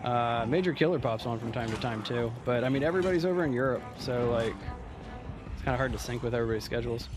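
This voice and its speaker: A man's voice: mid-range voice, fast talker, music in the background. A man streaming a game live, chatting casually with viewers as he plays. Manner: chatty, talks to chat while playing. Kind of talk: casual live gameplay commentary.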